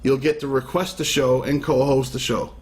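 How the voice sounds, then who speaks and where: A man co-hosting a podcast in casual chat, joking and giving a playful sales pitch. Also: little pitch movement, normal speed, a little mellow. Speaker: podcast co-host.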